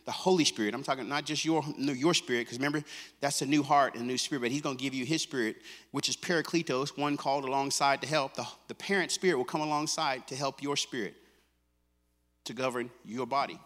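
A male pastor preaching a sermon. He moves between quiet, intimate asides and loud, fervent stretches, and he repeats his phrases with a casual "man" and "come on.". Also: mid-range voice, fast talker, long reverb tail. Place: church sanctuary.

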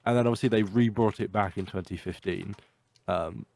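A man's voice: on the low side, a little fast, creaky, darkish tone. A man who is ill, explaining earnestly with asides as a podcast co-host. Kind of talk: casual chat.

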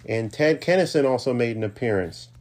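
A man signs off his own podcast with a long run of shout-outs. He rambles, trips over his words and pokes fun at himself, dropping casual asides along the way. His voice sits at an ordinary middle pitch. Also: animated, a little fast. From New York's Capital Region. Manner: rambling, self-deprecating, offhand asides. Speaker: podcast host.

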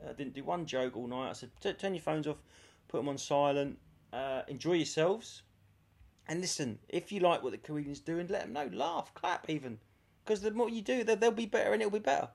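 A man's voice: a little high, expressive, brisk, gravelly, darkish tone. A man working as a comedy MC, chatting casually with blunt, crude, dry banter. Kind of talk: casual chat.

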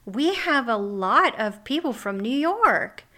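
A woman's voice: fairly high pitch, very animated, slow pace, sharp tone. A woman who grew up in the Midwest, co-hosting a casual chat and musing aloud with hedges. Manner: chatty, hedging with "I'm assuming". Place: North Carolina.

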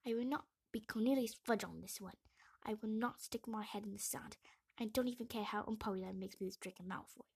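A clever, earnest woman with a gravelly, husky voice, as a woman reads her. she presses her points in an intense half-whisper, serious and worried. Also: a little high, moderate pace, no room sound. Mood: determined.

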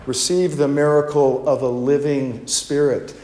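Slow-speaking pastor in an echoing hall. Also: male voice, mid-range voice, little pitch movement, dark tone. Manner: conversational, unhurried, with rhetorical questions. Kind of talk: Easter sermon with personal storytelling. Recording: echoey hall with long reverb.

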